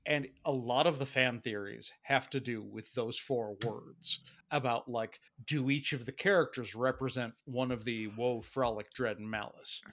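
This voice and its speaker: A man in relaxed podcast conversation, working through his thoughts with plenty of "uh" and restarts. His voice sits at an ordinary middle pitch. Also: moderate pace. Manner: explains at length, hesitant restarts. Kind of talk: casual chat.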